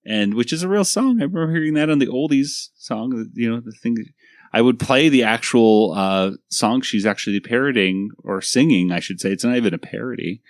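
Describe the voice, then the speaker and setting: Speaking in a mid-range voice, this podcast host moves briskly through a review of a cartoon episode, chatting loosely with plenty of filler words and quick laughter. His recording is studio-clean, without any echo.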